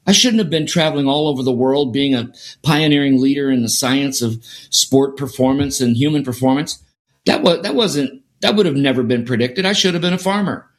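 A man's voice: mid-range voice, a little fast. A middle-aged man, a guest in an interview, telling a story earnestly and repeating phrases for emphasis. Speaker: guest, sport performance scientist.

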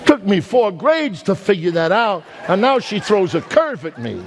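Emphatic Brooklyn preacher in a reverberant hall. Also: male voice, big pitch swings, normal speed, crowd noise, background noise. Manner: storytelling, dramatic swings in pitch, emphatic. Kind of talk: sermon.

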